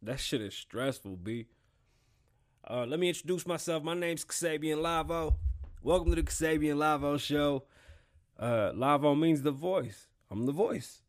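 A man's voice: a little high, moderate pace. Laid-back, foul-mouthed male podcast host. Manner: loose, profane, rambling street talk. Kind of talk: casual solo podcast monologue.

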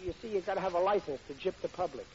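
An actor playing a bumbling, ungrammatical husband and father in an old radio comedy, blustering and excitable. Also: high-pitched, rapid-fire, close to an everyday voice. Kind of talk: 1940s radio acting. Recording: dull hissy old radio broadcast.

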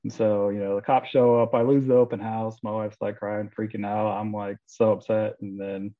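A man in his thirties with a low voice tells a wild story in a loose, chatty way, full of fillers and sudden jumps into other people's voices. He comes across through a dull, lo-fi recording. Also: moderate pace. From Florida, USA. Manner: animated, acts out quoted voices, many fillers. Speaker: guest author. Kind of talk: casual storytelling.

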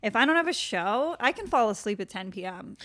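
A woman's voice: a little high, sing-song, fairly quick, fairly bright tone. A woman guest on a podcast, a comedian telling stories in casual chat, saying "like" a lot and laughing often. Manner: chatty storytelling, full of "like", laughs often.

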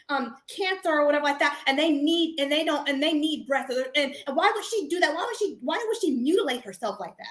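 A woman with a high voice tells her story in an animated, casual way over a video call. She often doubles back on her words and plays out both sides of an argument. Her voice carries the echo of a roomy space.

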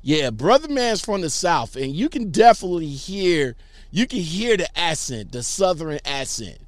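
A man's voice: on the high side, very animated, moderate pace, no echo. A man casually reading out viewer comments and reacting to them in a rambling, emphatic way, often repeating his words.

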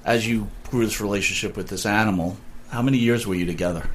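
A man interviewing a guest, asking quick, soft-spoken questions. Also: lowish voice, poor audio.

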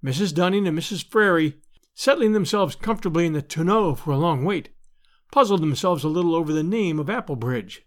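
Lively expressive male storyteller. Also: fairly high pitch, brisk. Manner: expressive, gently voicing characters. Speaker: narrator and podcast host. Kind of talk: storybook narration.

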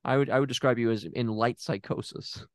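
A man's voice: medium pitch, fairly quick, dry recording, close to an everyday voice. A man playing a bumbling fake therapist in an improvised scene, hesitant and stammering while confidently explaining nonsense. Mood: deadpan.

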